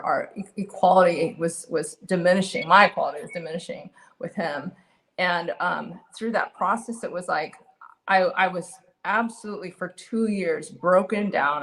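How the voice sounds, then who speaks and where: Low, gravelly-voiced woman sharing testimony. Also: a bit bright. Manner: earnest, halting, with many restarts. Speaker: guest. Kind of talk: candid personal testimony.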